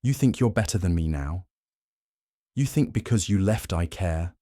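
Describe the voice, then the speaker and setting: A man's voice: low voice, lively intonation, moderate pace, warm tone, dry recording, studio quality. A man putting on a scornful, panicky wife.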